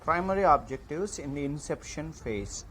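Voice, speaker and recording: A man lecturing in an online class, reading slide points slowly and deliberately. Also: a little high, lively intonation, fairly bright tone, slight background noise, poor audio.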